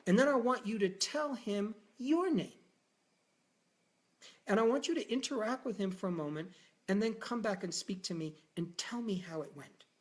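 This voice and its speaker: A man quoting a calm, grounded male doctor who speaks slowly and seriously, in his own voice. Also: sits high, voice pushed up, close to an everyday voice. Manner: slow, serious, instructive.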